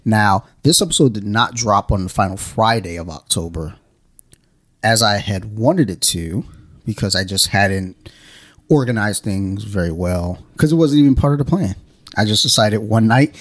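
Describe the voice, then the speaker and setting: A male podcast host talking in a loose, profane, animated storytelling way. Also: on the low side, moderate pace, no echo. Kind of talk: casual podcast chat.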